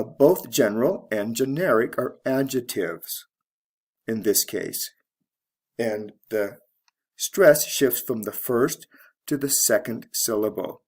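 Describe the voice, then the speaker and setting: A man teaching English pronunciation, explaining word stress slowly and deliberately and spelling out letters one by one. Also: medium pitch. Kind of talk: slow instructional explanation.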